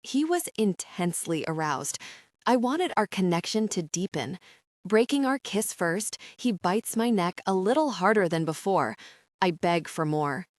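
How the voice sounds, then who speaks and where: A woman narrating a first-person romance audiobook in an intimate, measured reading. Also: on the low side, lively intonation, no room sound, studio quality.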